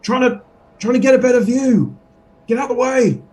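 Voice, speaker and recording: A man's voice: extremely high pitch, normal speed, dark tone, recorded from a distance, pitched above the performer's own voice. A man voicing a sly young man who plays innocent to sneak past a guard in a tabletop game. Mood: pushy. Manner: wheedling, mock-innocent.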